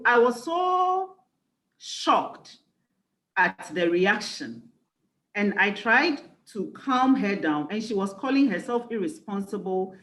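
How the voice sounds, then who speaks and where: A woman's voice: fairly high pitch, lively intonation, a little slow, roomy sound, low-quality recording. A woman life coach giving a conference talk, earnest and reflective, leaning on key phrases. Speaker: executive life coach and speaker.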